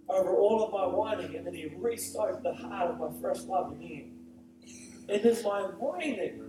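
A male pastor preaching a sermon, telling a personal story in an animated, emphatic way. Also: high-pitched. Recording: echoey, distant live church recording with music.

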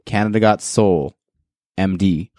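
A man's voice: sits low, measured pace, darkish tone, no echo, clean studio sound. A man hosting a podcast in casual chat, laid-back and joking, with frequent filler words. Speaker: podcast host.

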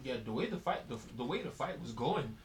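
A man's voice: medium pitch, big pitch swings, brisk. A man co-hosting a casual sports podcast, chiming in with crude joking remarks.

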